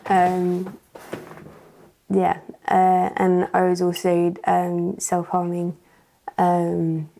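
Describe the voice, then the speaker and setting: Low, gravelly-voiced woman. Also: monotone, drawn-out words, long pauses, a little hiss or hum. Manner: hesitant, soft-spoken, many fillers. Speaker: church guest sharing a testimony. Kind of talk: personal testimony interview.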